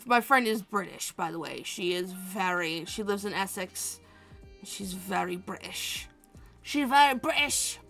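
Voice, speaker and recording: Brief: female streamer, unhurried delivery with vocal fry, swears freely, faint music underneath. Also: fairly high pitch. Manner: animated, swears freely, ranting with laughs. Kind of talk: casual chat while gaming.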